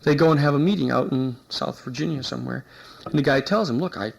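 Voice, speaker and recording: Gravelly-voiced man telling a story. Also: mid-range voice, fast talker, poor audio. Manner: animated anecdote-telling, acts out quoted speech. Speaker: lecturer. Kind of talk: university lecture, storytelling. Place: lecture hall.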